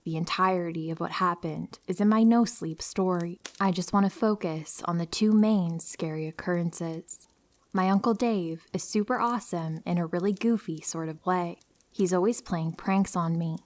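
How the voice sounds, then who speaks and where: A woman with a slightly low voice reads listener horror stories aloud. Her delivery is calm and soft-spoken. She slips into near-whispers to build dread. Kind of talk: scripted narration of horror stories.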